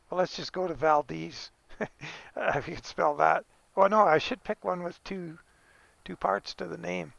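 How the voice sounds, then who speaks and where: Gravelly, rambling man with a slightly high voice. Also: fairly bright tone, no echo. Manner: rambling and self-correcting, chuckles often. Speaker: game tutorial host. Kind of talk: casual screen-recorded game tutorial.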